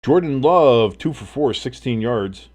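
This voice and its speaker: A man's voice: medium pitch, animated, measured pace, a little mellow. A man hosting a casual live sports stream, calling plays and reacting in a blunt, profane, rambling way.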